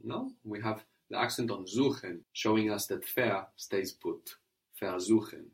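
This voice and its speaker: Male language tutor, slightly low voice, patient, explains step by step. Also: a little slow. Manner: patient, repeats answers and explains grammar step by step. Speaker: language teacher. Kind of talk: spoken language lesson.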